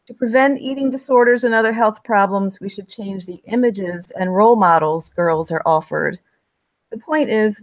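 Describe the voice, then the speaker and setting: A woman explains writing tips in a steady, measured voice at a middling pitch. She reads her examples out plainly and sometimes stumbles over a word. The recording is dry and close, with no room sound. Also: no room sound, poor audio. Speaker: writing instructor. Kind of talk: scripted instructional narration.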